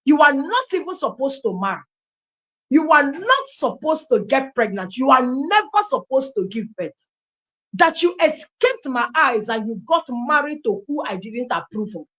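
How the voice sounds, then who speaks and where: A woman's voice: high-pitched, sing-song, normal speed, a bit bright. A Nigerian woman voicing her stern, threatening mother in a cold, accusing tone.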